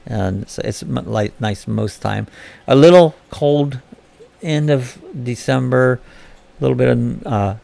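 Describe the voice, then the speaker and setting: A man with a gravelly, creaky voice hosts a relaxed live-stream chat, reading out viewers' comments and answering them one by one. He talks at a middle pitch in a loose, chatty way. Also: unhurried. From Florida.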